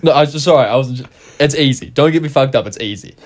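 A man's voice: mid-range voice, quick pace, faint music behind. Young kiwi guy on a podcast, rambling and swearing a lot, just yarning away. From New Zealand. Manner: profane, rambling, laughs through his stories. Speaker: podcast co-host. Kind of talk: casual storytelling chat.

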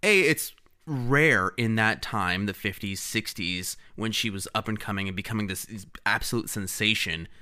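A man's voice: fairly low pitch, normal speed, sharp tone. A young man co-hosting a podcast, chatting casually and rambling with lots of fillers. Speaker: podcast co-host. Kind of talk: casual chat.

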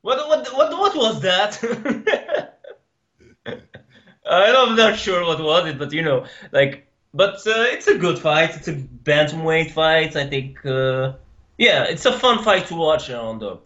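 A man's voice: animated, measured pace, pushed and bright. A man co-hosting a casual sports podcast, talking hesitantly with lots of fillers and restarts. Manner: hesitant, many fillers and restarts, swooping pitch. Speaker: podcast co-host. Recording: dull lo-fi sound.

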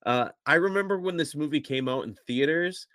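A man's voice: on the high side, a little fast, a bit bright, no echo. Rambling male podcast co-host, dry sound. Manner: rambling, chuckles between phrases. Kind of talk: casual chat.

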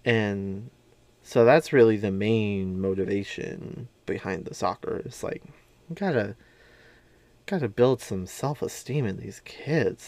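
A man's voice: on the low side, slow, a little mellow. A man casually recapping a movie he loves, gushing and chatty, with lots of fillers.

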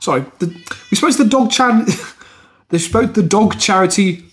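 A man's voice: sits high, animated, normal speed. A man co-hosting a comedy podcast, reading out news stories and comments in a giggly, easygoing way.

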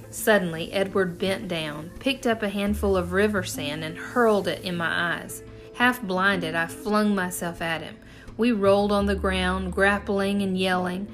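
A woman reads a storybook chapter aloud as a first-person narrator. Her voice sits in a medium register, steady and even as she tells the story, and soft music plays faintly underneath. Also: medium pitch, measured pace. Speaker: audiobook narrator.

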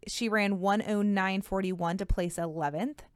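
Smooth-voiced woman co-hosting a running podcast. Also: mid-range voice, steady tone, a little slow, no echo, clean studio sound. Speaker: podcast co-host. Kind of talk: casual news chat.

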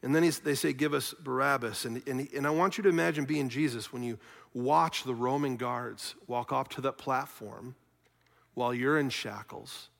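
Gravelly preacher in a reverberant hall. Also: male voice, mid-range voice, moderate pace. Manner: earnest, builds to loud questions then drops soft. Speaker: pastor. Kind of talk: sermon. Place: church sanctuary.

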